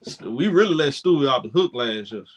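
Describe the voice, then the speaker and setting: A man's voice: mid-range voice, expressive, brisk. A young man co-hosting a live sports reaction stream, debating players in emphatic, slangy casual talk. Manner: emphatic, slangy, mocks critics with put-on voices.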